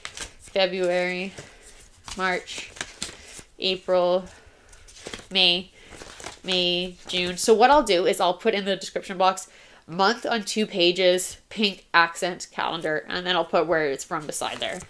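A woman's voice: lowish voice, fairly even intonation, slow pace, long pauses, a bit bright, slight background noise. A young woman casually narrating a planner flip-through, chatty and apologetic, often trailing off and restarting. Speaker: planner vlogger. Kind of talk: casual show-and-tell narration.

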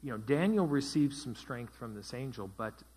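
Husky pastor teaching a group. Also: male voice, mid-range voice, lively intonation, normal speed, a little mellow. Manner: asks the group questions and repeats their answers. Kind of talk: interactive Bible study teaching. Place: church.

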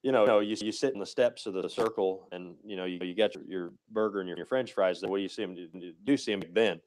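A man's voice: sits low, quick pace, darkish tone, no room sound, rough recording. A male pastor giving a casual, conversational sermon, with many restarts and a habit of asking "right?".

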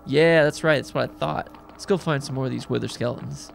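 A man giving gameplay commentary in a gravelly voice, trash-talking the monsters with excitable taunts. Game music plays clearly behind him. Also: mid-range voice, fairly quick, hardly any pauses. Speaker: gaming YouTuber.

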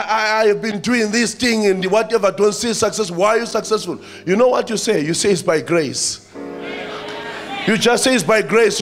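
A man pastor with a South African accent, preaching an impassioned sermon that rises to shouts. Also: high voice.

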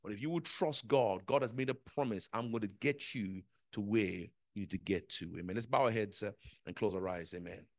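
A man's voice: lowish voice, a little fast, hardly any pauses, dry recording, poor audio. A male pastor giving an urgent, pleading altar call in church, with many repeated lines.

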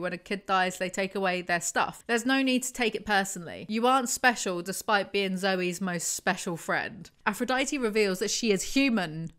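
A woman's voice: mid-range voice, bright, forceful tone. A young woman from England with an English accent, giving sarcastic commentary while reviewing a book. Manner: sardonic, exasperated asides.

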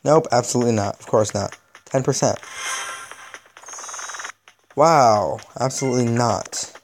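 A man's voice: medium pitch, unhurried, background noise. A young man giving casual, exasperated gameplay commentary, with sarcastic asides as he plays. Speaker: gaming video host.

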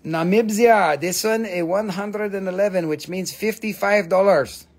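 Excitable, higher-pitched man selling crystals. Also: moderate pace. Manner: excitable, swearing, playful, non-native phrasing. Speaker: live sale host. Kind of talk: live-stream crystal sale.

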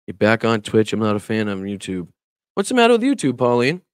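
A man's voice: lowish voice, wildly swooping pitch, a little fast, clean tone, no room sound, clean studio sound. A man hosting a casual political livestream who talks straight to his chat, laughs often and swears when annoyed. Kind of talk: casual live-stream commentary.

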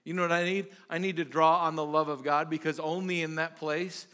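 A man's voice: on the high side, little pitch movement, brisk, pushed and bright. A male pastor preaching a sermon in a conversational way, with lots of restarts and sudden emphatic bursts.

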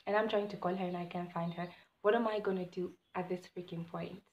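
A young woman tells a story in a casual vlog, animated and swinging from loud outbursts to low mutters. Her voice sits fairly low for a woman. The recording is roomy, with a clear echo off the walls. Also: fairly quick, highs cut off. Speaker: vlogger. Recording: echoey room.

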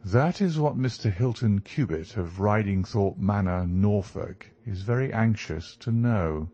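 A man's voice: on the low side, warm tone, no echo, highs cut off. A man voicing a brilliant male detective who lectures in a precise, superior way.

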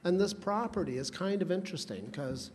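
At a charity roast, a man with a high, lively voice spins rambling, folksy comic tales that tease the guest of honor. He talks a little fast, and his tone is a little mellow. The recording carries a long hall reverb and faint room noise.

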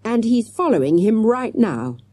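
An eager, clever schoolboy sleuth from a storybook, as a woman reader puts him on, raised high above her own dark, husky voice. He talks in quick, excited bursts, and the reading sounds close and dry. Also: dry recording. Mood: reasoning.

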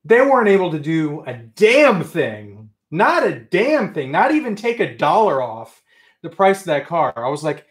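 Male livestream host, excitable and ranty, high lively voice. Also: measured pace. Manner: excitable, ranting, says friggin' often. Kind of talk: casual livestream chat.

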